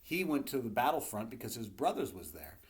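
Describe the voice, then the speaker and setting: A man preaching a sermon as a pastor, retelling stories in an animated, conversational way with asides to his listeners. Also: mid-range voice, a little fast. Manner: animated storytelling with asides to the congregation.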